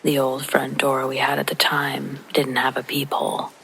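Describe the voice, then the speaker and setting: Soft whispery bedtime horror narrator, gravelly and bright, light rain in the back. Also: medium pitch, completely flat delivery, normal speed, slight background noise, poor audio. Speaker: narrator of scary stories. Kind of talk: hushed sleep-story narration. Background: faint rain.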